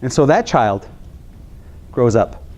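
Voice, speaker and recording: A man from the United States, a health psychologist, giving an animated training lecture to counselors, repeating key phrases for emphasis and joking with the audience. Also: mid-range voice, slow, muffled recording.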